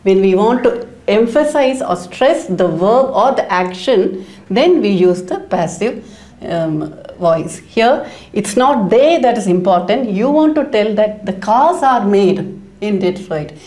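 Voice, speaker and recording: A middle-aged woman teaching English grammar at a very unhurried pace. She walks through each example step by step and pauses to pose questions to her students. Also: mid-range voice, animated, darkish tone. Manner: slow, careful explaining with rhetorical questions. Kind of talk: grammar lesson.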